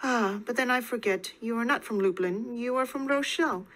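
A woman's voice: fairly high pitch, normal speed, a bit bright, natural voice, low-quality recording. A woman voicing a burly, good-humored young male farmer who teases and chuckles as he talks, in an audiobook reading. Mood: amused. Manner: teasing, chuckling.

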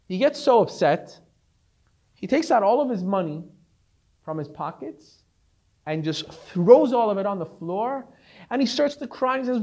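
Brief: a male rabbi in a class, telling a story casually, with a lively, expressive pitch. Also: moderate pace. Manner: conversational, animated storytelling.

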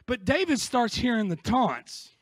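A man's voice: very high voice, big pitch swings, unhurried, dry recording, studio quality. A man from the United States, a pastor preaching an impassioned sermon with joking asides.

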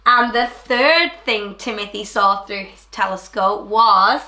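A woman reading a rhyming picture book aloud to children in an animated, sing-song way, then talking to them directly. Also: medium pitch, takes it slowly, roomy sound. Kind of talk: storybook read-aloud for children.

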